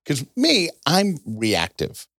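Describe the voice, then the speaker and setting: A man hosting a casual chat show, telling stories with a voice that jumps high for emphasis. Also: huge pitch swings, takes it slowly, fairly bright tone, dry recording, studio quality. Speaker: podcast host.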